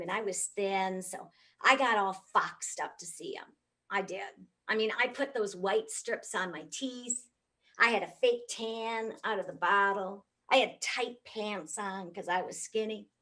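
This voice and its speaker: A middle-aged woman from the United States giving a comic, animated keynote talk. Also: medium pitch. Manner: animated, comic, swoops up for punchlines. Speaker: motivational speaker.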